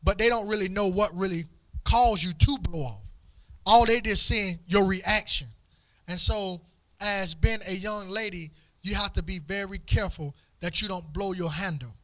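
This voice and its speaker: Church youth leader guy, high voice, keeps repeating himself, dry close sound. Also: fairly bright tone, no echo. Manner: repeats words in quick restarts, asks the group questions. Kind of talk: conversational church teaching to young people.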